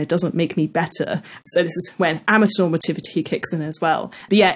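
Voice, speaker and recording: A woman with a British received pronunciation accent, speaking reflectively as a podcast guest. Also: lowish voice. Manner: reflective, thoughtful, with frequent qualifiers. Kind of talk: conversational interview.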